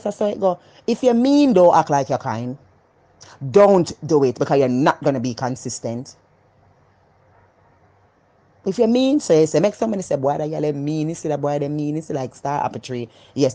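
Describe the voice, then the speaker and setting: Jamaican woman vlogger, loud, animated and emphatic, dry close sound. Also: deep voice, brisk, dry recording. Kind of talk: casual opinionated monologue.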